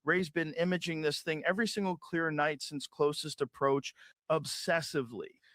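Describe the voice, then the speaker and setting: A man's voice: fairly high pitch, steady tone, normal speed, a bit bright, no room sound. Intense man narrating, dry voice-over. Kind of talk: dramatic scripted narration.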